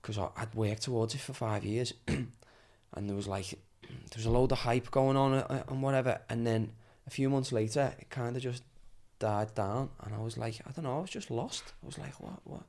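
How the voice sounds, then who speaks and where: A man's voice: mid-range voice, normal speed, vocal fry, a little mellow. A young man with a Liverpool accent talking earnestly and chattily as a podcast guest, laughing often. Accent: Liverpool (Scouse). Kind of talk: casual conversation.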